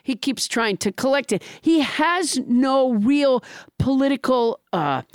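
A woman co-hosting a casual podcast, talking about a film in a halting way with many restarts. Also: high-pitched, lively intonation, smooth, no room sound, studio quality. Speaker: podcast co-host. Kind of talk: casual movie discussion.

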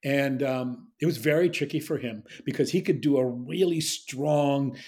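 Dialect coach, a man with a warm, dark tone who tells stories animatedly and plays every quote. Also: mid-range voice, normal speed. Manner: animated storyteller, acts out quotes. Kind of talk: conversational interview.

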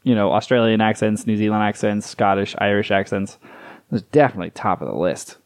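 A man's voice: fairly low pitch, brisk, no room sound. A man from the southwestern United States chatting casually as a podcast co-host, rambling with many restarts and frequent swearing. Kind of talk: casual chat.

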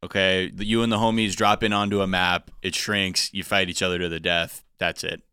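A man co-hosting a podcast, riffing in a relaxed, jokey, slangy way. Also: sits low, brisk, clear, resonant tone, dry recording, clean studio sound. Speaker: podcast co-host. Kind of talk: casual chat.

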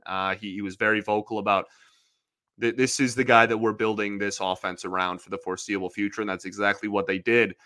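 A man's voice: on the low side, flat delivery, a little fast, sharp tone, dry recording, clean studio sound. A man hosting a sports podcast in a casual, emotional monologue, rambling with frequent restarts and repeated words. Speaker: podcast host.

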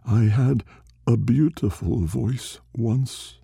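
Brief: a man playing an uncanny dog spirit in an audiobook, gentle and menacing, gravelly and unhurried. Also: mid-range voice, dry recording, clean studio sound, voice pushed up, exaggerated voice. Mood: soothing eerie. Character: eerie white dog spirit, calm, ominous.

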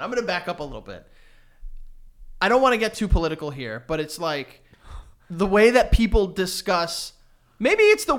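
A man's voice: high voice, a bit bright. A man co-hosting a podcast in casual chat, joking and rambling with frequent laughs. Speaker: podcast co-host.

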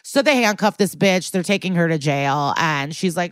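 A woman co-host talks through a TV episode in loose, profane chat, her voice sitting on the low side. She tells it with animated energy. The sound is dry and close, with no room around it. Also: normal speed, clear, resonant tone, no room sound. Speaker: podcast co-host. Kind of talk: casual chat recapping a TV episode.

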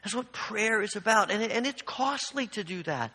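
This preacher's high-pitched voice is bright and forceful with a breathy edge, at a moderate pace. He moves from a personal story to increasingly fervent exhortation of his listeners, recorded with long hall reverb.

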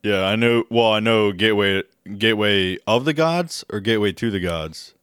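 A man with a low, smooth voice riffs sarcastically on a casual podcast. He swears freely and laughs a lot. The sound is close and dry, with no room echo. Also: normal speed, a bit bright. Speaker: podcast co-host. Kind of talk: casual conversational podcast chat.

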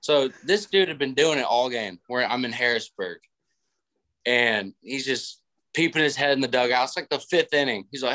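A man in his twenties, the guest on a casual podcast, telling stories in a laid-back way and acting out quoted people in a higher voice. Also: expressive, moderate pace, bright, forceful tone. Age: 20s. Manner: laid-back storytelling, acts out quotes with raised pitch.

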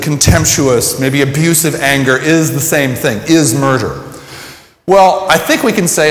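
Man, pastor, storytelling sermon, slightly high voice, echoey hall with long reverb. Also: fairly bright tone. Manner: storytelling, reflective, conversational preaching.

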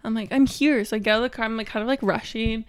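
A woman's voice: fairly high pitch, level tone, rapid-fire, clean tone, no room sound, clean studio sound. A young woman co-hosting a podcast, telling stories in a chatty way with lots of fillers and giggles. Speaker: podcast co-host. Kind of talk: casual chat.

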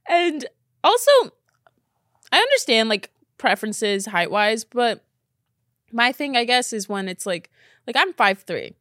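A woman hosting a podcast in casual reaction chat, blunt and expressive, swearing casually. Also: on the high side, measured pace, no echo, clean studio sound. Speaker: podcast host.

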